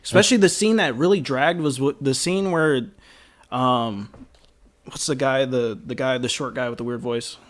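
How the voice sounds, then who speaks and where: A man's voice: mid-range voice, normal speed. A man co-hosting a movie podcast in casual chat, laughing often and rambling through jokes. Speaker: podcast co-host.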